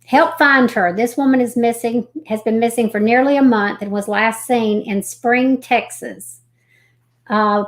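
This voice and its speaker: A woman hosting a live stream, reading missing persons reports aloud haltingly, with folksy chatty asides. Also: on the high side. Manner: reads haltingly, stumbling over names and restarting.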